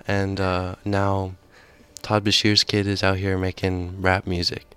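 Man, radio host, low even voice, smooth and clear, earnest questions. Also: measured pace. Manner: earnest, agreeable, a bit rambling in questions. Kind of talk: casual radio interview.

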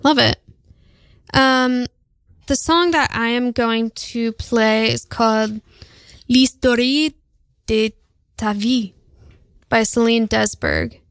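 A woman's voice: on the high side, slow pace, creaky, smooth, dry recording. Chatty young woman co-host, dry mic. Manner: chatty, lots of likes and ums, animated. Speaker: podcast co-host. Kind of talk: casual chat.

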